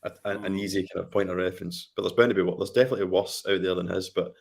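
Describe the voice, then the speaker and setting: A man speaks in measured, drawn-out remarks on a video call. His voice is very low, with a gravelly fry running through it. The sound is that of a home call setup. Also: fairly even intonation. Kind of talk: casual group chat on a video call.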